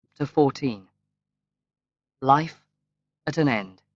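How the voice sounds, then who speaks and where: A man narrates an audiobook in a slow, measured reading voice. The pace is very unhurried. The recording sounds dull, lo-fi and very dry. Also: medium pitch, no echo. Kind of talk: scripted narration.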